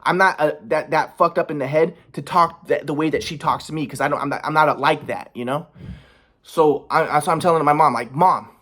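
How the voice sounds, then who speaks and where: A man's voice: a little high, fairly even intonation, fairly quick, fairly bright tone. A young man in a casual confessional vlog, rambling and agitated, swearing often with many restarts. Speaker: vlogger.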